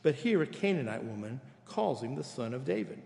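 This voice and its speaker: A man's voice: medium pitch, very animated, brisk, gravelly, a little mellow, big-room sound. A man preaching a sermon as pastor, explaining scripture in a conversational way and reading quoted passages aloud. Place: church sanctuary.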